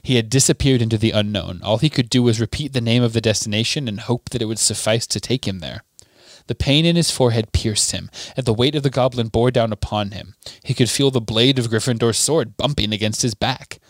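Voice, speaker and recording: A podcast host reads a novel aloud, keeping an even, steady pace and clear delivery while occasionally stopping for a brief aside. His voice sits in the middle range, and the recording is dry and close with no room echo.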